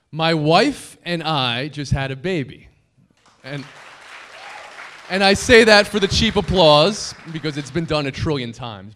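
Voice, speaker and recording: A man's voice: a little high, fairly bright tone, a little hiss or hum. A man in his thirties, a broadcaster giving an anniversary dinner speech at a podium microphone, self-deprecating and funny but sincere and grateful. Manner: joking, self-deprecating storyteller; heartfelt, grateful tribute. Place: banquet hall dinner.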